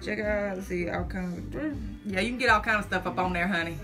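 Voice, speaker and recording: A woman's voice: medium pitch, brisk, over music. A woman chatting on a live stream from her phone at home, selling makeup in a folksy, nervous way, calling everyone "honey" and "child.". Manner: jittery, talks through nerves. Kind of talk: casual live-stream chat.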